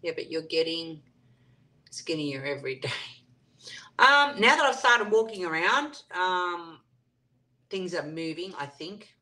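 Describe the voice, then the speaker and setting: A woman's voice: lowish voice, expressive, unhurried, long pauses, pushed and bright. A woman hosting a live stream, chatting casually and reading out viewer comments and answering them. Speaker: livestream host.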